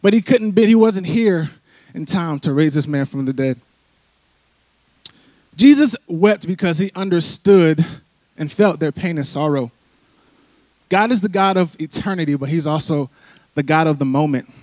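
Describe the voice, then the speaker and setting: Brief: male preacher, fairly high voice, dry close sound, chatty sermon delivery. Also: normal speed, long pauses, darkish tone, no room sound. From Philadelphia. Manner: conversational preaching, frequent "right?" asides. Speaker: church speaker. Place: church sanctuary.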